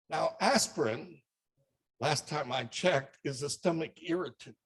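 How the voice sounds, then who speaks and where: A man's voice: a little high, a little slow, slightly rough. An older man giving a wry, conversational presentation talk as guest speaker.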